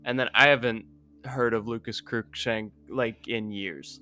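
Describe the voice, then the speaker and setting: A man's voice: mid-range voice, steady tone, a little slow, pushed and bright, smooth. A young man co-hosting a casual podcast chat, talking loosely with lots of "like" and casual swearing. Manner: casual, swears freely, peppered with "like". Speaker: podcast co-host.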